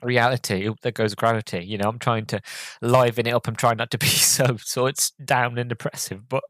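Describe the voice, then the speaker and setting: A man hosting a podcast, talking through a movie review in a halting, hesitant way with many fillers, audibly choked up and emotional. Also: mid-range voice, fairly bright tone, no room sound. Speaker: podcast host.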